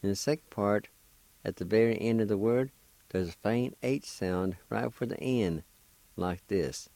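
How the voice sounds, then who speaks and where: A man's voice: lowish voice, a little slow, mellow, dry recording. A man hosting a radio language lesson, spelling words letter by letter and patiently sounding out each syllable. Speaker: language teacher and radio host. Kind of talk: slow spelled-out pronunciation lesson.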